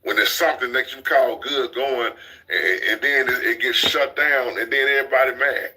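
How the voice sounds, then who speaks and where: A man, hosting a casual commentary chat. His voice is very bright and ringing at a middle pitch. He talks bluntly and preaches, hammering the same points again and again. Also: normal speed, low-quality recording. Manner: blunt, preachy, repeats himself. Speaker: commentary channel host.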